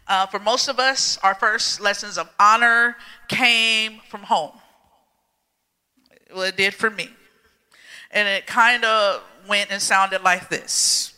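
A man preaching a sermon in a church, telling stories in a slow, emphatic, folksy way. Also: high voice, fairly even intonation, bright, forceful tone, smooth. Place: church sanctuary. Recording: long reverb of a church hall.

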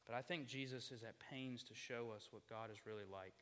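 Male pastor, sermon delivery, impassioned rhetorical questions; bright voice, long hall reverb. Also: medium pitch, fairly even intonation, a little fast, few pauses.

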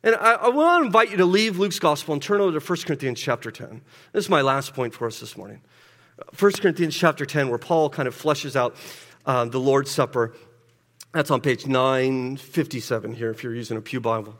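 A man preaching a sermon in a church, often repeating words as he swings between loud urgency and hushed intensity. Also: mid-range voice, expressive, brisk. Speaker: pastor. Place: church sanctuary. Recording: long hall reverb.

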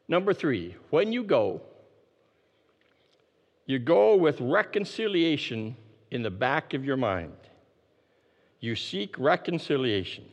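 A man preaching a sermon, emphatic and repeating his key phrases, dropping his voice low to stress a point. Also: creaky, in a large hall. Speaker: pastor.

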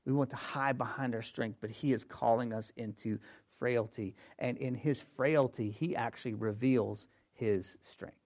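A man's voice: medium pitch, fairly even intonation, measured pace, few pauses. Emphatic preaching man. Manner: emphatic, repeats key phrases, swings from quiet to loud. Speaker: pastor. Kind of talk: sermon.

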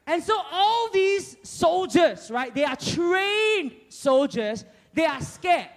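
High-voiced preacher in a reverberant hall. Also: male voice, slow. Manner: animated storytelling, acting out characters. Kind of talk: sermon. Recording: long church hall reverb.

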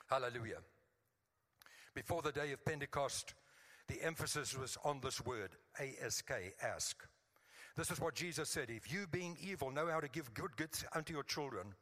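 A man's voice: medium pitch, a bit bright. A man pastor preaching a fervent sermon to his own congregation, often checking in with the room with a call for "Amen?". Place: church sanctuary. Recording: church hall reverb.

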